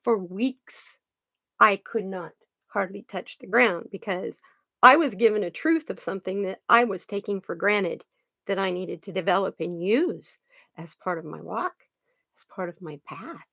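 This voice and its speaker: A woman's voice: mid-range voice, a little slow, gravelly, no echo. Earnest woman telling a story, dry sound. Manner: earnest, animated, trailing restarts. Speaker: card reader and channel host. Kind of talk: casual storytelling chat.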